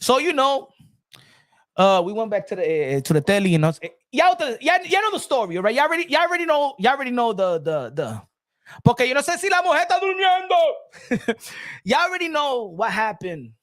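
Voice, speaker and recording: A man hosting his own boxing channel, telling stories in a rambling, animated casual chat full of restarts. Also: very high voice, fairly quick.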